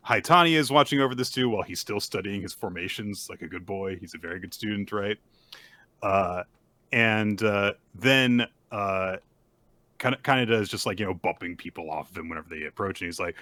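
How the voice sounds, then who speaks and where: A man hosts a casual chat, recapping a story in an easygoing way full of fillers and laughter. His voice sits fairly low but has a bright, forceful tone. The sound is dry and close. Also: normal speed, dry recording. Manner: laid-back, many fillers, laughs often. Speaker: podcast host.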